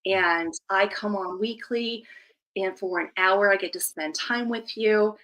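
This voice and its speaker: A woman life coach talks as a guest on a live podcast, her voice bright and forward. She speaks with energetic, emphatic motivational drive, pressing hard on key words and building up to big declarations. Her pitch sits in the middle range. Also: unhurried, poor audio.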